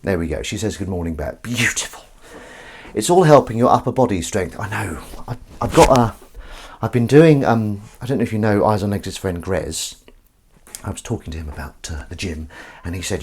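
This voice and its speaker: A man's voice: sits low, expressive, normal speed, a little mellow, slight background noise. A man hosting a casual home live stream, chatting to viewers and his cat while washing up in his kitchen. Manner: rambling, chatty, talks to viewers and his cat, sings little tunes.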